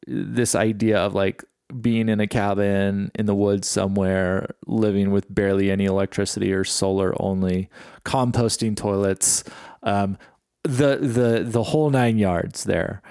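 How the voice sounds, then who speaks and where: A middle-aged man reflecting in a casual solo podcast monologue, halting and full of fillers and restarts. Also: lowish voice, little pitch movement, gravelly, a little mellow, clear, resonant tone, no room sound, clean studio sound. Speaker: podcast host.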